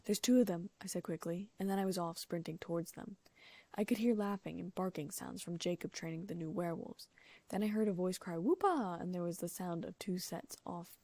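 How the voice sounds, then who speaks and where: A woman's voice: fairly low pitch, fairly even intonation, a little fast, warm tone, no room sound. A woman narrating a first-person audiobook, reading the dialogue in her own voice with small lifts for each character.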